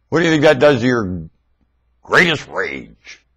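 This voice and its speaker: A man talking into a webcam in a rambling, blunt monologue, swinging between loud emphatic outbursts and low mutters. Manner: blunt, confrontational. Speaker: webcam video maker. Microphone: webcam microphone.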